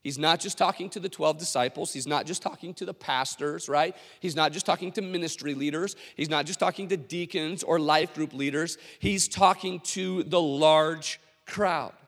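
A man preaching a sermon as a pastor, telling stories in a conversational, animated way with many fillers. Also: a little high, moderate pace, few pauses, long reverb tail.

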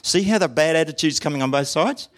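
A man's voice: on the high side, fast. A man preaching a sermon in a conversational way, asking the congregation questions and acting out short dialogues. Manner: acts out short dialogues in different voices. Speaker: pastor.

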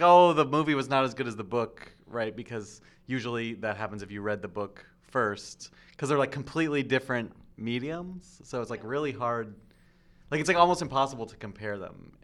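A man's voice: medium pitch, lively intonation, normal speed, a bit bright. A man in a casual group chat, asking questions and laughing easily. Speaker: panelist.

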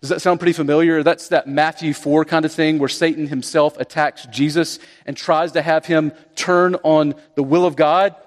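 A man's voice: on the high side, fairly even intonation, moderate pace, few pauses, in a large hall. A man preaching a sermon in an earnest style, asking many rhetorical questions. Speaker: pastor.

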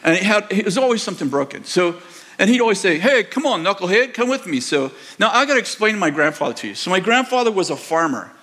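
Older male pastor, sixties, high-pitched, rambling storyteller who acts out quotes in a sermon. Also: sing-song, fast talker, bright, forceful tone. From United States. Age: 60s. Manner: rambling, self-correcting anecdotes with acted-out quotes. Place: church auditorium.

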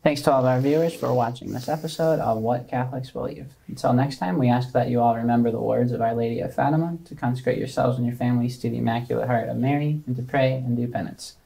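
A man's voice: medium pitch, steady tone, fast, creaky, hardly any pauses, dark tone, husky. A man hosting a talk show, giving brief affirmations and a scripted sign-off. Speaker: show host.

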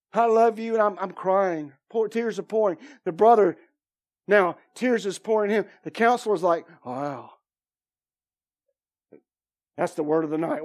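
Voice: mid-range voice, a little mellow. Preacher sharing a personal testimony in a sermon, telling the story vividly and voicing each person's lines. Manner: vivid storytelling with repeated phrases, acting out dialogue.

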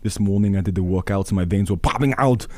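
A man's voice: low-pitched, fast, a little mellow, natural voice. A man doing a musclebound action-star bodybuilder. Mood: boastful.

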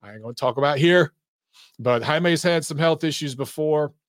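A man's voice: fairly high pitch, moderate pace, no echo, clean studio sound. A man hosting a casual livestream about boxing and his acting past, rambling loosely, swearing and laughing often. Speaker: boxing show host. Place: Atlanta.

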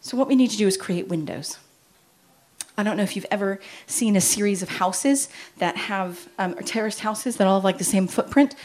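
A woman's voice: medium pitch, moderate pace, darkish tone. A middle-aged woman from the United States giving a chatty, story-filled talk to parents at a church, acting out quotes as she goes.

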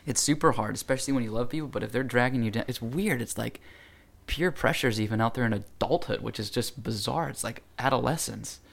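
A man's voice: medium pitch, fairly quick, creaky, fairly bright tone. A talkative man hosting a casual conversation, telling stories earnestly. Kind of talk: casual chat.

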